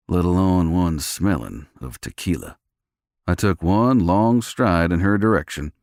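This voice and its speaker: A man's voice: sits low, dry recording, studio quality. A man reading a first-person romance audiobook with a gritty, tough-guy delivery. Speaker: audiobook narrator.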